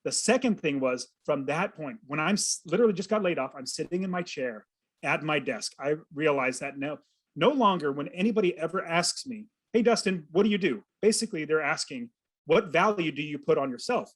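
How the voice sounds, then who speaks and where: A man in his thirties, a podcast guest, telling a personal story with earnest, animated feeling and acting out his own thoughts. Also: a little high, a little fast. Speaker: podcast guest, real estate investor. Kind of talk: storytelling in an interview.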